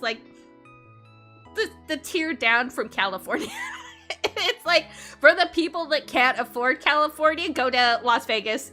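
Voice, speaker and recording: A young woman with a high, bright voice talks casually to her live chat on stream. She is chatty and giggles often between sentences. Faint music plays quietly under her voice.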